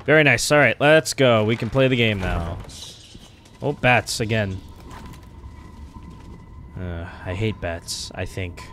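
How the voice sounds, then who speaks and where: A man doing excitable gameplay commentary, trash-talking and swearing at enemies. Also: fairly low pitch, takes it slowly, long pauses, slight background noise. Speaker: let's play streamer. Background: game music.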